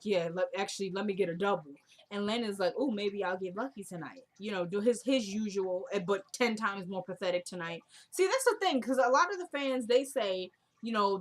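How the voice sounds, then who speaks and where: Woman, casual recap vlogger, chatty, mid-pitch voice, quotes lines softly. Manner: chatty, retells scenes quoting characters with "she's like".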